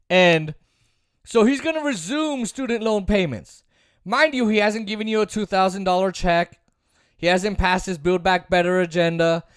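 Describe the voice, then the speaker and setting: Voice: medium pitch, dry recording, clean studio sound. A political commentary host giving a sarcastic, opinionated monologue, repeating points for emphasis. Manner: sarcastic, mocks opponents in put-on voices.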